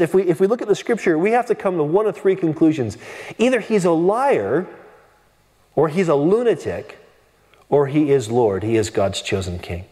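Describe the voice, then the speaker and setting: A man preaching from the pulpit, his voice sitting a little high for a man and trailing off in the long reverb of a big church hall. He talks earnestly, restarts his sentences often and drives his points home with emphatic questions. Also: mellow. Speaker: pastor. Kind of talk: expository sermon.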